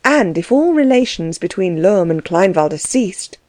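Female narrator, measured and steady, low warm tone, dry close sound. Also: dry recording. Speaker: audiobook narrator. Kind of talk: scripted narration.

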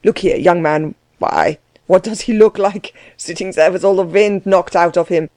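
A woman's voice: fairly low pitch, moderate pace, darkish tone, no echo, lightly acted. A woman reading aloud, voicing a harsh, bossy middle-aged German man who laughs at others. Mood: commanding.

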